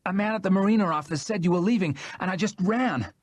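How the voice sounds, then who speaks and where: A breathless, excited woman, as a man puts her on. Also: mid-range voice, fast, no echo, studio quality, pitched above the performer's own voice, close to an everyday voice. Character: breathless eager American woman, small and determined.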